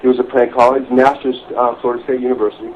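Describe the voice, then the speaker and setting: A man's voice: medium pitch, level tone, very fast. A middle-aged man who was the target of prank calls, rambling over the phone, repeating himself and swearing freely. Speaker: prank call victim. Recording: muffled lo-fi call recording with faint hiss.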